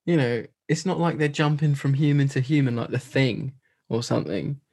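A man's voice: mid-range voice, normal speed, gravelly, a little mellow, a little hiss or hum. A man co-hosting a podcast, bantering about a film with frequent laughs and incredulous remarks. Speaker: podcast co-host. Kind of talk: casual film discussion.

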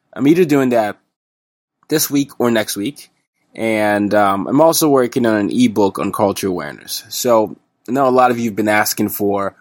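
Podcast host, male, low voice, loose casual delivery, dry close sound. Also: dry recording. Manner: relaxed, rambling with fillers.

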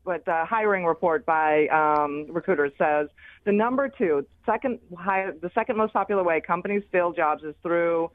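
A woman's voice: on the low side, moderate pace, no room sound. A woman appearing as a career expert guest on a radio show, speaking thoughtfully and often restarting her sentences. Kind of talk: radio call-in chat. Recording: tinny phone line.

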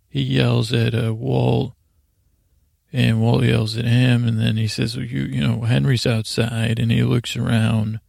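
Man, podcast host, gravelly, monotone, meandering and halting, dry close sound. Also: medium pitch, dry recording. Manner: meandering, halting, deadpan asides. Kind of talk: rambling sleep podcast recap.

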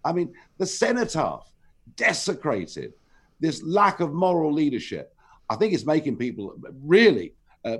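A political guest is interviewed on talk radio. He talks forcefully and pushes his points with emphatic peaks, and his pitch keeps swinging high and low. The studio sound is clean. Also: husky.

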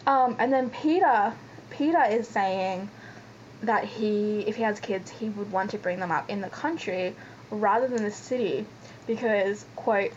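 A woman with a mid-range voice talks at a measured pace, co-hosting a podcast where she rambles and pokes fun at herself while casually recapping a reality show. The recording is dull and lo-fi, with faint noise.

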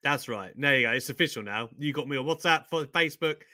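Guy hosting, bright lively voice, jokey and loud, dry close mic. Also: medium pitch, fast talker, dry recording. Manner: loud, jokey, laughing, swings between shouting and muttering. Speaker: co-host of a wrestling news show. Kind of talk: energetic casual banter.

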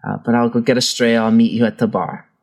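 A man playing a tabletop role-playing game, describing his character's actions in a relaxed, hesitant way. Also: medium pitch, quick pace, vocal fry, low-quality recording. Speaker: player. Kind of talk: casual tabletop game play.

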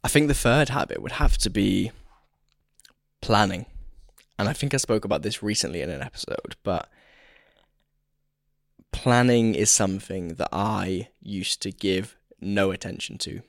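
A hoarse man talks on his own podcast, candid and a little rambling as he thinks aloud. His voice sits fairly low and sounds strained. The sound is dry and close, with no room around it. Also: unhurried, dry recording. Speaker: podcast host. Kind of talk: solo podcast talk.

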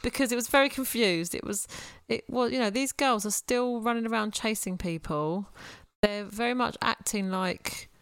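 A woman's voice: fairly high pitch, normal speed, few pauses, fairly bright tone, clear, resonant tone, no echo. A woman co-hosting a casual film review chat, chatty and giggly, with dry asides. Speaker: podcast co-host.

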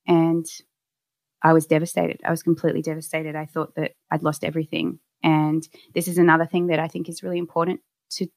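A woman with a low-pitched voice recounts her own experiences in a candid, reflective way, often restarting her sentences. The sound is dry and close, with no room echo. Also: flat delivery, a little fast, vocal fry, a little mellow. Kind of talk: personal storytelling.

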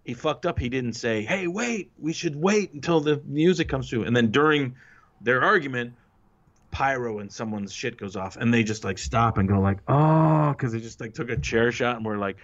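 A man's voice: medium pitch, expressive, moderate pace, fairly bright tone. A man telling stories as a guest in a casual interview, acting out quotes in a raised voice and swearing freely. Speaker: former wrestling writer, interview guest. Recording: muffled lo-fi audio.

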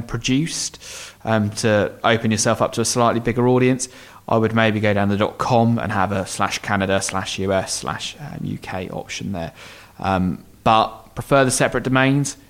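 A man's voice: on the low side, fairly bright tone. A man co-hosting a podcast, explaining answers to listener questions in a loose, rambling way with frequent ums and restarts. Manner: rambling, thinks aloud with many ums and restarts. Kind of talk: casual explanatory chat.

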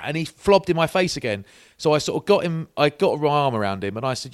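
A man's voice: fairly high pitch, fast talker, few pauses, clean tone, dry recording, studio quality. A middle-aged man telling an anecdote in a casual chat, peppering it with "mate". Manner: lively storyteller, says mate a lot.

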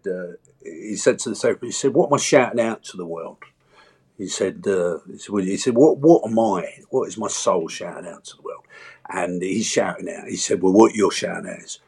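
As a guest in a relaxed interview, a male actor spins animated stories, performing the quotes and voices of the people involved. He speaks on the low side, with a slight roughness.

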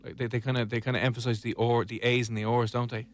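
A man's voice: mid-range voice, fast talker. A man, hosting a playful casual chat on radio. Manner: playful, lively, trails off into jokes. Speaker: radio host.

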